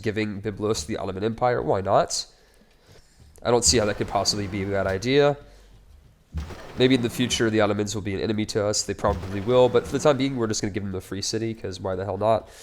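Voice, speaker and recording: A man's voice: fairly low pitch, a little hiss or hum. A man casually commenting on his own strategy game playthrough, upbeat and chatty with wry, joking asides. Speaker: let's play host.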